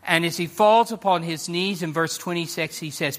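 Male pastor, high bright voice, earnest emphatic sermon delivery. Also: animated, normal speed, hardly any pauses. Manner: earnest, emphatic, repeats key phrases, speaks to the congregation.

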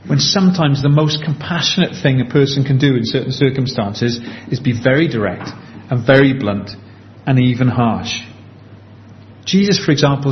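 A man preaching a sermon in an earnest, conversational way, slowing down on key points. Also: mid-range voice. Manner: earnest, conversational, slows down for emphasis. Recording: dull lo-fi with faint background hiss.

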